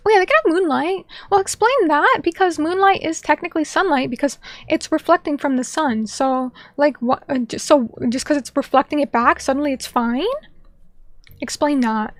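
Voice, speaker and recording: A woman's voice: sits high, dry recording. A young adult woman streamer chatting casually with viewers, playful and rambling, with mock-indignant asides. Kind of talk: casual chat reading viewer messages.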